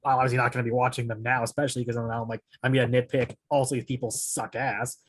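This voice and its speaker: A man's voice: medium pitch, little pitch movement, no room sound, low-quality recording. A man, a podcast co-host, speaking bluntly in casual chat. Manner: fast, candid, blunt.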